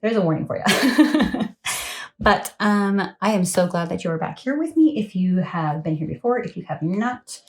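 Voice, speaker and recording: A woman's voice: on the low side, lively intonation, a little fast, hardly any pauses. A woman in her thirties giving a chatty, rambling tarot reading to her phone camera at home late at night, often apologizing and laughing. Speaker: tarot reader.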